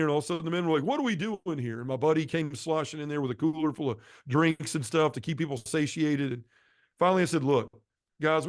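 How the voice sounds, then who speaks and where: A man's voice: no room sound, studio quality. A middle-aged man who is a podcast guest, telling his conversion story in an earnest, impassioned way. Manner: earnest and impassioned, shifting pitch and volume. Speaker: guest sharing a conversion testimony. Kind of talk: emotional testimony storytelling.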